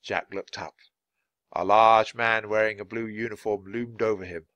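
A man reading a children's storybook aloud in a clear, measured way for learners. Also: fairly low pitch, steady tone, fairly bright tone, no echo. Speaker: storybook reader. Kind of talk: children's book read-aloud.

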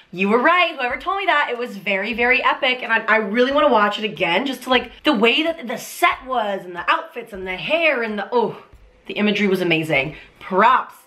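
A young woman gushing excitedly while reacting to a music video on her channel, with the video's music playing behind her. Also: a little high, fairly quick. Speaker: YouTube reaction host.

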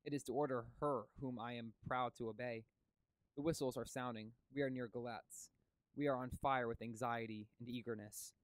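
A man's voice: medium pitch, fairly even intonation, moderate pace, smooth, no echo, lightly acted, poor audio. A man voicing an earnest elderly professor with formal, commanding speech. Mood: sad.

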